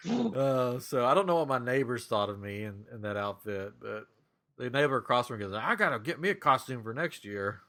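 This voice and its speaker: Animated, laughing man telling stories. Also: medium pitch, fairly quick. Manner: animated, acts out quotes in a raised voice, laughs often. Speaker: podcast co-host. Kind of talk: casual chat, storytelling.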